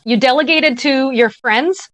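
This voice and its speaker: A woman's voice: sits high, measured pace, fairly bright tone, no room sound. A woman presenting at a virtual summit, giving earnest, conversational advice and often checking in with "right?". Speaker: workshop presenter. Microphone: video call.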